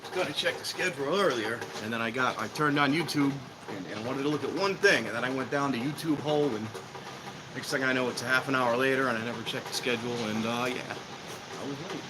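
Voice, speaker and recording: A man out of breath after rushing to a station, chatting casually and rambling as he live-streams trains outdoors in the rain. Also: mid-range voice. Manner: rambling, self-deprecating, thinking aloud. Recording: outdoor stream with clear background noise. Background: outdoor ambience, clear background noise.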